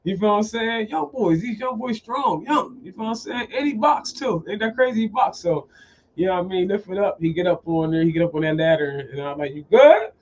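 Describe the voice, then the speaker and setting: Profane, animated man with a fairly high voice. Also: fairly quick, slight background noise. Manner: profane, animated, repeats phrases. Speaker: podcast host. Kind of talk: casual storytelling monologue. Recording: dull lo-fi sound.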